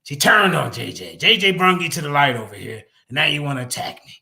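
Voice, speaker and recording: A man's voice: a little high, very animated, quick pace, creaky, pushed and bright. A man in a heated debate, throwing accusing, sarcastic jabs.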